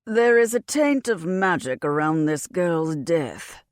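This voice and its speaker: A woman puts on a stern, self-important male inquisitor from a fantasy audiobook. He speaks with slow, clipped authority that sounds like an accusation, in a lowish voice. The sound is close and dry. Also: very animated, a little mellow, no room sound.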